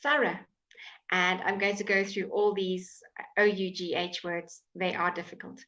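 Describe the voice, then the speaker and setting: Slow, patient woman teaching pronunciation. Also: lowish voice, level tone, fairly bright tone, dull audio. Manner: slow, patient, repeats words for drilling. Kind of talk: live online language class. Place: home. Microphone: computer mic on a live stream.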